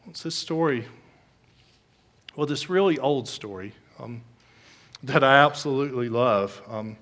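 A male pastor preaching a sermon, telling a story and leading prayer, rising to loud emphasis and dropping to hushed phrases, with repeated starts and frequent ums. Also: a little high.

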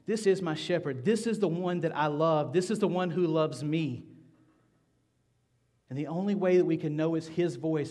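A middle-aged male pastor delivers a sermon in a fairly high voice. He reads scripture with rising force, then sinks into quiet, hushed appeals to the congregation. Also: normal speed. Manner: earnest preaching, rising to loud scripture reading, dropping to soft hushed appeals.

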